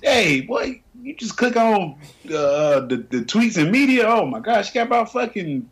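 A man's voice: sing-song, moderate pace, husky. A man co-hosting a casual, crude podcast chat, loose and slangy, often laughing. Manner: loose, slangy, laughing, drops low then jumps high. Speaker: podcast co-host.

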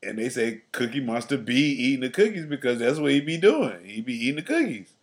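A man's voice: mid-range voice, sing-song, brisk. A man co-hosting a casual comedy podcast, talking loosely and profanely, laughing often and stammering into his points. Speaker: podcast co-host.

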